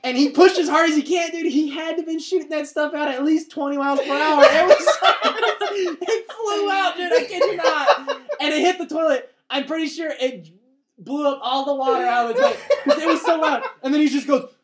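A man's voice: very high voice, a little fast, crowd noise. Rambling young man telling a story. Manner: rambling, laughing, heavy filler words. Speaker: podcast co-host. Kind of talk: casual podcast chat.

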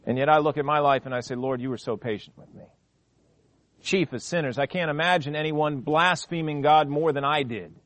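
High-voiced man preaching a dramatic sermon. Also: no room sound. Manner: dramatic, acts out quoted voices, wide swings in pitch and volume. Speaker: pastor. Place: church.

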